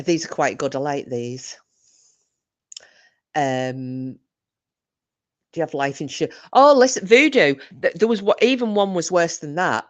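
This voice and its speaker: A woman, chatting casually with her viewers on a live stream and telling rowdy drunken stories with plenty of swearing. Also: low-pitched.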